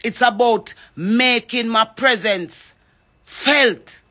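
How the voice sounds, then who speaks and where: A woman's voice: on the high side, extremely slow, bright, forceful tone. Fervent Jamaican woman rallying people. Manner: fervent and emphatic, rallying and calling out others by name. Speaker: reggae artist. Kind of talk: impassioned public address.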